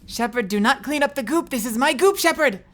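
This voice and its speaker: A woman's voice: high voice, animated, fairly quick, voice pushed up. A woman voicing a stern male alien soldier, speaking in a clipped, formal way. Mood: indignant.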